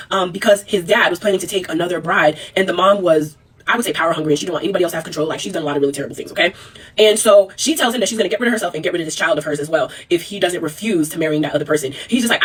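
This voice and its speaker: Young woman vlogger, fast and slangy drama recap, husky, a touch off-mic. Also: lowish voice. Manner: animated, chatty, slangy storytelling. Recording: voice a bit far from mic.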